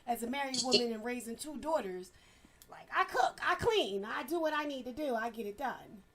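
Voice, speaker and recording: A woman's voice: on the high side, expressive, normal speed, fairly bright tone. A woman hosting a casual podcast chat, giving frank opinions with plenty of "you know".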